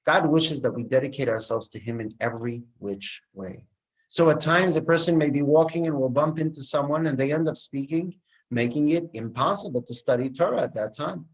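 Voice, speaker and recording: A man, likely a rabbi, giving a sermon and telling a story, acting out the characters' dialogue with lively expression. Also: on the high side, fairly quick, poor audio. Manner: animated storyteller who acts out the dialogue.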